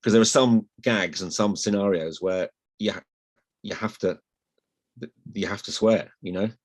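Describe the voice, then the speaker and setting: Deep-voiced northern English man. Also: measured pace. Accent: slight northern English, flat vowels. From Hull, England. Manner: rambling, self-deprecating, frequent restarts. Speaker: guest, newspaper columnist. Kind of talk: casual interview chat.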